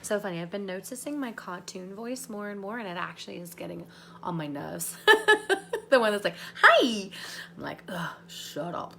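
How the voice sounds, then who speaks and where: A woman's voice: medium pitch, a little fast, gravelly, slight background noise. A woman life coach talking viewers through a guided visualization and chatting with them live. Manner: bubbly, laughs often with viewers.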